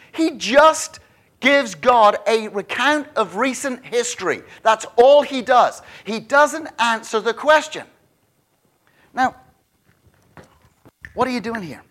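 A man preaching a sermon as pastor, joking and animated, often repeating words as he restarts his thoughts. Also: extremely high pitch.

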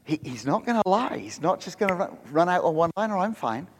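High-voiced pastor preaching in a reverberant hall. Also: male voice, quick pace. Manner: animated storytelling, acts out quotes, frequent restarts. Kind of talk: sermon. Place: church.

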